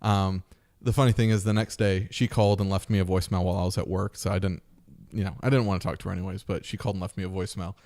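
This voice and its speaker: A man's voice: deep voice, steady tone, racing, darkish tone. A man in his thirties, a podcast host, telling a story in a casual chat and acting out the voices of people in it.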